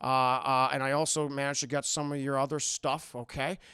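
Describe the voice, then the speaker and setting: A man voicing a menacing, controlling older male captor, speaking slowly and deliberately in a falsely calm way. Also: mid-range voice, clear, resonant tone, no echo, studio quality, pitched below the performer's own voice, lightly acted. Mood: ominous calm.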